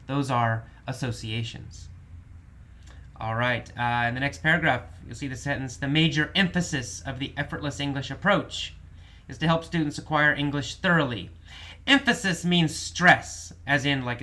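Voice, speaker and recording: A man teaching English vocabulary, patiently explaining each word with slow, repeated restatements. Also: a little high, sharp tone. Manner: patient, repeats definitions slowly with many restatements. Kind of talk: vocabulary lesson explaining words.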